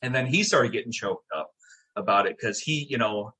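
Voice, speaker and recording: Casting note: middle-aged man, bright husky voice, lively storyteller who swears freely. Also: fairly low pitch, normal speed. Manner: animated, swearing, acts out quotes. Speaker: guest, town mayor. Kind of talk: casual storytelling.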